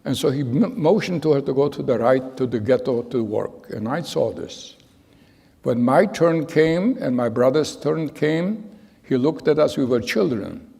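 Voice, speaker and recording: A man in his nineties giving spoken testimony to an audience in a large hall, telling his story in a halting, earnest way with repeated phrases. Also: mid-range voice, lively intonation, gravelly, warm tone, husky. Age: 90s. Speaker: Holocaust survivor giving testimony. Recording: long reverb of a large hall.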